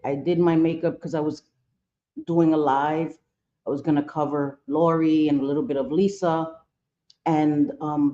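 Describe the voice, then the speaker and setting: A woman hosting a casual livestream, greeting viewers one by one with pet names, apologizing often and pausing on fillers. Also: deep voice, warm tone. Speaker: live-stream host. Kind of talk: casual live-stream chat. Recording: dull lo-fi stream audio.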